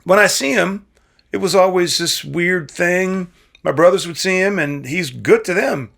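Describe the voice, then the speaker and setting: A man from Nebraska, a guest actor, telling stories in a casual, animated way and acting out the people he quotes. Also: a little slow, vocal fry. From Nebraska, USA. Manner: animated, acts out quoted voices with big pitch jumps. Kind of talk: casual storytelling.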